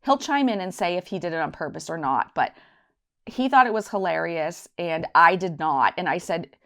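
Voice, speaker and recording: A woman's voice: on the low side, lively intonation, normal speed, a bit bright. A woman vlogger telling a casual story time to her viewers, chatty and rambling, acting out the voices in her anecdote. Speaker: budgeting channel host.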